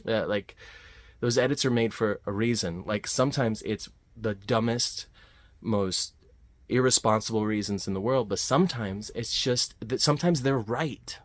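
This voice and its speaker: A man's voice: on the low side, moderate pace, dry recording. A man giving a casual spoken film review, rambling with frequent fillers and restarts. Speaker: movie reviewer.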